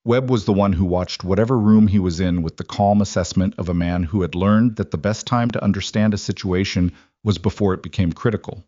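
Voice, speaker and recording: A man reading a scripted story aloud as narrator, in a steady, measured storytelling manner. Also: deep voice, no echo. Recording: dry, slightly dull sound.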